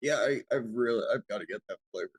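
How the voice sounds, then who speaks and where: A man's voice: medium pitch, fast talker, breathy edge. A man co-hosting a live stream, chatting casually and swearing now and then.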